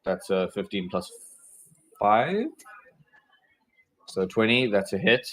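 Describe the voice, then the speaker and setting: Low-voiced man running a tabletop game. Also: slow pace, low-quality recording. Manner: relaxed, describes combat with fillers. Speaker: game master.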